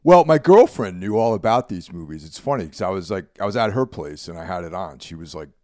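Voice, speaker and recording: Deep, lively laid-back man. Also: fairly quick, no echo, studio quality. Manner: laid-back, rambling, leans on "you know what I mean". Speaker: podcast co-host. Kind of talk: casual chat.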